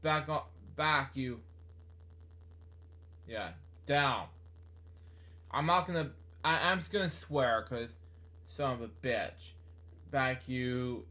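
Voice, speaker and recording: A man voicing a burly former football player who stammers and yells while cursing. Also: medium pitch, lively intonation, slow pace, pauses often. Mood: yelling. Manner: yelling, stammering.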